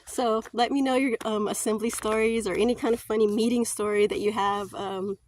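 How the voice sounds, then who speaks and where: A woman's voice: medium pitch, fairly even intonation, brisk, a little mellow, dry recording. A chatty woman, telling stories in a casual vlog and laughing often. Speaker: vlogger.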